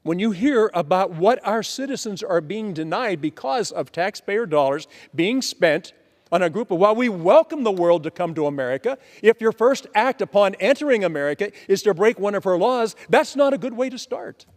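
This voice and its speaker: A congressman delivers an emphatic floor speech, his voice sitting high for a man. He drives points home with repeated lists. The long reverb of a large legislative chamber trails every phrase. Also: lively intonation, moderate pace, darkish tone. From Pennsylvania.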